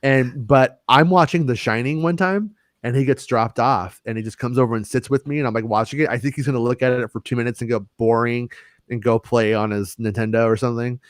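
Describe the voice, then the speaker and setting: A man's voice: medium pitch, steady tone, brisk, dry recording, studio quality. A man chatting casually on a podcast, telling stories in a rambling way with many restarts and fillers. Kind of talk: casual chat.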